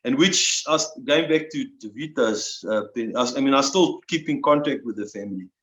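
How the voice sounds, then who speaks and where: An older man speaks with feeling, stumbling over his words and repeating them as he goes. His voice sits in an ordinary middle pitch. The recording is roomy and a little dull. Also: fairly bright tone. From South Africa. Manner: emotional, halting, with many restarts and repeated words. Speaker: interview guest, army veteran. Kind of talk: personal storytelling.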